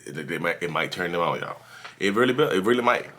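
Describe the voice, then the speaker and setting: A man talks straight to camera in a casual advice monologue, circling back over his points and often restarting his sentences. His voice sits very low yet has a bright, forceful edge. He turns animated when he acts out what other people say. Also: fast talker. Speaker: YouTube channel host.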